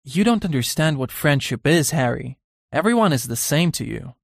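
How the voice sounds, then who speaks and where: A man's voice: on the high side, animated, normal speed, creaky, no echo, clean studio sound. A man voicing an earnest young painter in an audiobook, confiding and uneasy in tone.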